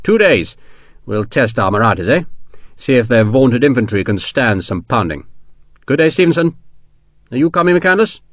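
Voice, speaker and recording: A man voicing an eager, headstrong British general who speaks briskly and commandingly. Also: medium pitch, sing-song, fairly bright tone, no room sound, studio quality. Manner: brisk, commanding, quick to laugh.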